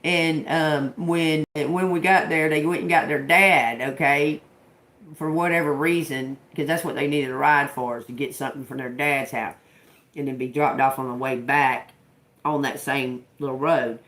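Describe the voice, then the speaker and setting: A woman's voice: deep voice, steady tone, moderate pace, a bit bright. A woman, a tarot reader on a livestream, telling stories bluntly with lots of swearing and laughter. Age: adult with a grown daughter. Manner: blunt and profane, laughs often. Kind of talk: casual livestream storytelling. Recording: roomy echo.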